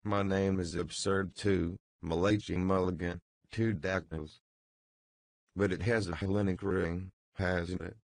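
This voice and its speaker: A brash young man full of mockery and gaiety, read by a male audiobook narrator. The delivery stays low and unhurried, with a gravelly edge. The sound is dry and close. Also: steady tone, no echo. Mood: mocking. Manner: brisk, gay, teasing. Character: jaunty mocking young man, brash joker.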